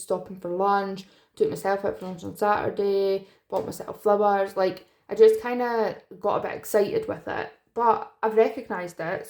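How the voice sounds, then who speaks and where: A woman's voice: medium pitch, darkish tone. A tired woman from the UK chatting casually to camera about her budget, rambling with lots of fillers. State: tired, yawning. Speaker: budgeting vlogger.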